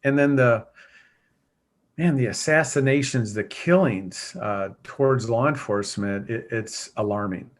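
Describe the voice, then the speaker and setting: A man's voice: mid-range voice, unhurried, slight background noise. A man, a former police officer now starting a church, speaking earnestly and reflectively as an interview guest. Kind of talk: conversational interview.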